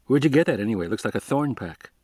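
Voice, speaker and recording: A man's voice: medium pitch, lively intonation, quick pace, a little mellow, breathy edge, no echo, studio quality. A man doing a chatty, placating researcher.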